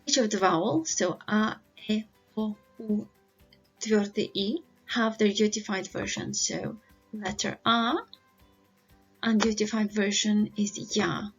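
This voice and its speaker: A woman teaches a language lesson, speaking slowly and deliberately as she drills pronunciation. Her voice is a little husky, set at a middle pitch. The audio is slightly dull, with faint music behind her. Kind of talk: language lesson, slow and careful.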